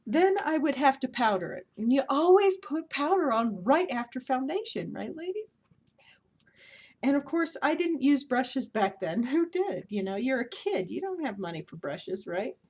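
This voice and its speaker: Talking to camera at home, this thirty-something beauty vlogger has a slightly rough, higher-pitched voice. Her chat is casual and self-deprecating, punctuated by frequent laughter.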